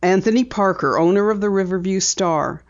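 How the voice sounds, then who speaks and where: A woman reader voicing a gruff middle-aged male newspaper editor who asks brisk, pointed questions. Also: mid-range voice, highs cut off, natural voice. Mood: probing.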